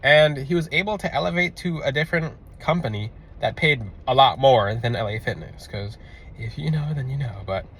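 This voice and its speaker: A man with a Florida accent talks in a loose, rambling way at an ordinary middle pitch. He repeats lines and acts out the people in his story. A faint hum of noise sits behind his voice. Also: moderate pace, a bit bright. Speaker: crystal seller and spiritual adviser. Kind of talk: casual storytelling monologue.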